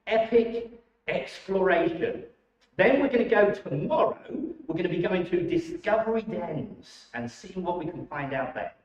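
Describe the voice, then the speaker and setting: A man with a high voice leads children's warm-ups for a church holiday club. He talks in an enthusiastic, encouraging, exclamatory way. He sounds far from the mic in an echoey church hall, and the recording is dull. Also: expressive, moderate pace, few pauses. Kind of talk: leading a children's warm-up and briefing.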